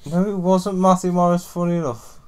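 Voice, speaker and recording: A man's voice: high-pitched, steady tone, brisk, a crowd in the background. Male co-host, casual chat, blunt teasing tone. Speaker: podcast co-host.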